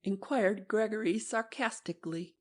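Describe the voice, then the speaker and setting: A woman's voice: mid-range voice, moderate pace. Woman narrating an audiobook.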